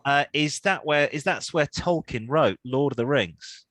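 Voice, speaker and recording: A man's voice: on the high side, a little slow, fairly bright tone, no room sound. A man co-hosting a casual car podcast, rambling and joking, laughing mid-sentence. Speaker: podcast co-host.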